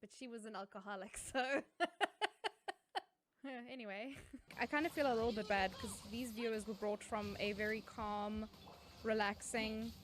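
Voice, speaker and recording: A woman's voice: a little high, fairly even intonation, measured pace, long pauses, slight background noise. Chatty, foul-mouthed woman streamer. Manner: chatty, swears freely, laughs often. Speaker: game streamer. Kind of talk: casual live-stream chat.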